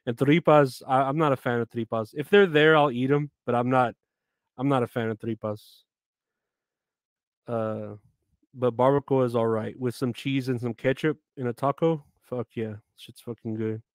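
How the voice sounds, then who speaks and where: A man's voice: medium pitch, steady tone, moderate pace, no echo, clean studio sound. Laid-back man chatting on a live stream. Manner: laid-back, rambling, swears often, reads out chat names. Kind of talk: casual live-stream chat.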